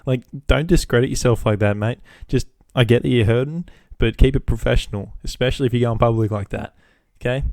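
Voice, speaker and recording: A man's voice: mid-range voice, fairly quick, few pauses, darkish tone, dry recording, clean studio sound. A young Australian man hosting a solo podcast, rambling casually and swearing freely. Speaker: podcast host.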